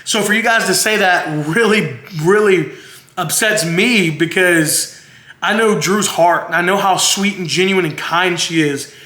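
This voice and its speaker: A man with a high, bright voice, talking in an earnest and emotional way, close to tears as he rambles on. His voice carries a roomy echo. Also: measured pace. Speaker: vlogger, husband. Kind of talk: heartfelt to-camera monologue.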